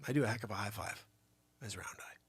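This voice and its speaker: A man's voice: fairly low pitch, fast talker, dry recording. A man hosting a live show, rambling through an improvised comedy monologue and dropping into whispered asides. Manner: rambling, animated, riffing on a running bit; drops to breathy whispers between asides. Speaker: host.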